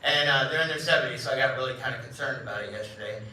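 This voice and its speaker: A man's voice: medium pitch, very fast, bright, forceful tone, slight background noise. A middle-aged man giving a live talk to an audience as a company head, joking and telling stories, acting out the voices of the people he quotes. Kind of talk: live event speech. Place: large event room. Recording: echoey room, speaker far from mic.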